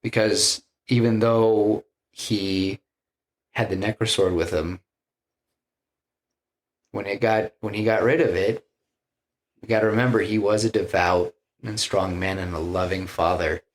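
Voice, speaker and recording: Man, deep voice, slow pace, podcast co-host, rambling film retelling, acts out quoted lines. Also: fairly even intonation. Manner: loose, rambling with restarts and "you know". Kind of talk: casual storytelling chat.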